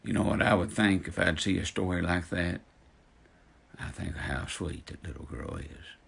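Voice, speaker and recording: Deep gravelly man in his fifties, ranting. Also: moderate pace, a bit bright. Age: 50s. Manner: indignant, preachy, addresses followers directly. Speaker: social media personality. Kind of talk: angry direct-to-camera rant.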